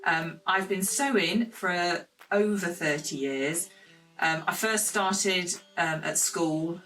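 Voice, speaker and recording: A woman from England introducing herself and her costume work, talking quickly with many ums. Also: lowish voice, fairly bright tone. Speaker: costume maker. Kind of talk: personal introduction. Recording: distant mic with music behind.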